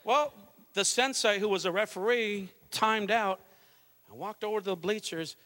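Fervent pastor guy, high ringing voice, preaching and telling stories. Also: moderate pace, bright, forceful tone. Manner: fervent, conversational storytelling. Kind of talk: Pentecostal sermon.

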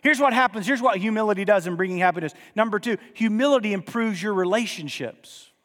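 Male pastor with a high voice, preaching emphatically in a reverberant church sanctuary. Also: fast talker, a bit bright. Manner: emphatic preaching, rhetorical questions to the congregation. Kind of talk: sermon.

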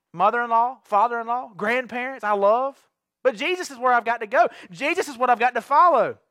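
High-voiced fervent preacher. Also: male voice, a bit bright, no echo, clean studio sound. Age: young adult. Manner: fervent, repetitive rallying cries. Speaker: pastor. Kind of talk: sermon. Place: church sanctuary.

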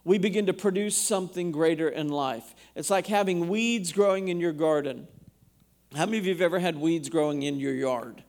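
High-voiced man preaching a sermon. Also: fairly quick, a little mellow. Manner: preaching, reads scripture aloud and asks the congregation questions. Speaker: pastor. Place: church.

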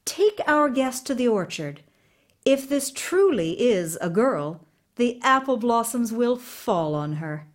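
Brief: woman voicing a lively, high-voiced fairy-tale queen, clever and curious. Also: slow. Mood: scheming.

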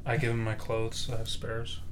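A man's voice: fairly low pitch, completely flat delivery, slight background noise. Blunt man playing a tabletop game. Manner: blunt, quick retorts. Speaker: player.

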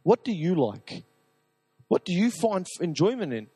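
A man preaching a sermon to a live audience, talking in an energetic, rambling, enthusiastic way. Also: high voice, normal speed, husky, in a large hall.

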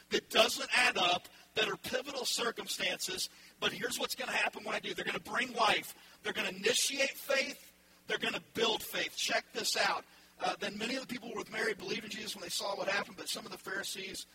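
A male pastor preaching an animated sermon, acting out the people in the story. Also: sits high, noisy background. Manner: animated, acts out voices in the story.

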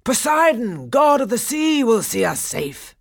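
A woman voicing a brutish, cruel male pirate chief in a storybook audiobook, growling slowly and shouting in alarm. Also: medium pitch, huge pitch swings, creaky, breathy edge, no echo, clean studio sound, full character voice. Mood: panicked shouting. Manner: slow growling menace, then panicked bellowing.

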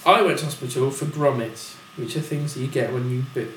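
A man's voice: mid-range voice, brisk, a bit bright, recorded from a distance. A young man co-hosting a casual comedic chat, rambling and jokey, laughing often. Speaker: podcast co-host. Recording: echoey room with faint hiss.

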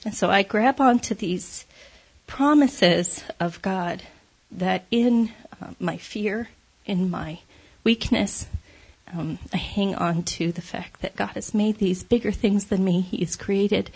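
A woman's voice: medium pitch, takes it slowly, creaky, darkish tone, slightly rough. A woman giving a conversational devotional talk, candid and self-deprecating, laughing often as she speaks.

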